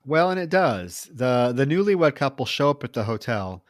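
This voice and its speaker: A man's voice: mid-range voice, sing-song, moderate pace, no room sound, clean studio sound. A man co-hosting a podcast, recounting a film in casual chat and teasing his co-host playfully.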